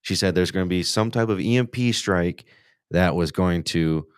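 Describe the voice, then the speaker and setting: A man's voice: deep voice, normal speed, smooth, no echo, studio quality. A man hosting a casual live hunting podcast, rambling and cursing freely with many restarts. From United States. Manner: rambling, profane, frequent restarts. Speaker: podcast host.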